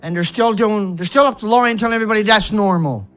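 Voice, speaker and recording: This is an angry monologue from an environmental activist vlogger who fires off rhetorical questions, insults and occasional swear words. He speaks quickly in a high, fairly bright voice, with soft music underneath.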